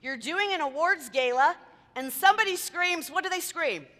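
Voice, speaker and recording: Female speaker, high and bright, chatty talk to a meeting crowd, hall reverb. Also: expressive, moderate pace. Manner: chatty, quizzes the audience, tells anecdotes. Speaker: event planner giving a talk. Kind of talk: lively presentation to a live audience. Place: meeting room with audience.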